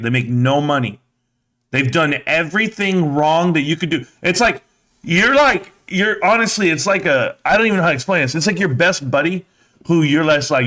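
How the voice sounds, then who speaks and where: Brief: male host, slightly higher voice, blunt and mocking, swears freely while reacting. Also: pushed and bright. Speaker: live stream host. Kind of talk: reaction commentary.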